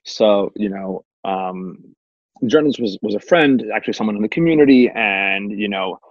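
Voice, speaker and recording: A man, a rabbi, answering interview questions in a measured, thoughtful way. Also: on the low side, no echo, dull audio.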